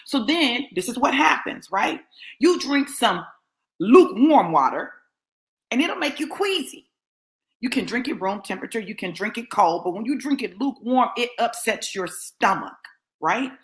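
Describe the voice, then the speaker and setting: A woman's voice: fairly high pitch, big pitch swings, moderate pace. A woman delivers a fiery sermon. She is blunt and confrontational, driving each point home through emphatic repetition. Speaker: motivational preacher.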